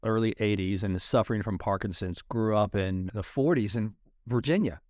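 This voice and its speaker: A man's voice: on the low side, normal speed, darkish tone, no room sound, clean studio sound. A middle-aged man telling his story in a casual podcast interview, blunt and emphatic. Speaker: guest. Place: Denver.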